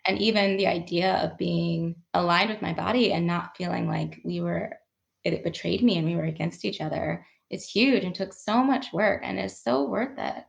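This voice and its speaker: A woman's voice: on the low side, moderate pace, creaky. A woman guest on a podcast, speaking earnestly and emotionally about her own growth, laughing often. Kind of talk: reflective conversational interview.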